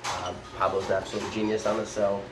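A man's voice: fairly low pitch, level tone, fast talker, over music. A man hosting a casual podcast in a coffee shop, upbeat and rambling with lots of fillers. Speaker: podcast host. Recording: echoey coffee shop with loud background noise. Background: coffee shop chatter.

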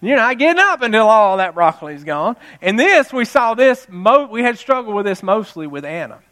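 Brief: pastor in his fifties, high voice, playful storytelling sermon full of laughs. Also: brisk. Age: 50s. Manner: jokey, animated, laughs at his own stories. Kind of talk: humorous Mother's Day sermon storytelling.

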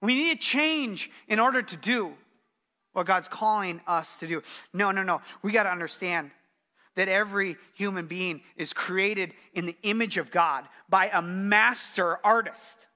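A man's voice: high voice, unhurried, pushed and bright. A middle-aged man preaching a sermon as pastor, earnest and emphatic, repeating his key phrases.

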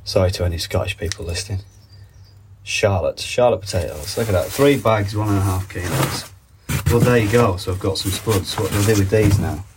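A man's voice: lowish voice, brisk, background noise. A man hosting a podcast while under the weather with a cold, chatting casually with wry asides in a greenhouse and reading labels aloud. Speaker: podcast host. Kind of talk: casual rambling monologue. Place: garden greenhouse. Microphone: phone.

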